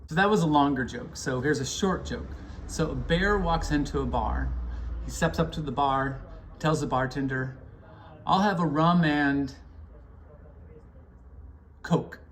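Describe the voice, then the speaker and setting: A man's voice: medium pitch, moderate pace, a little hiss or hum. A man sending a casual video message to a friend, telling jokes in a hesitant way with many ums and restarts.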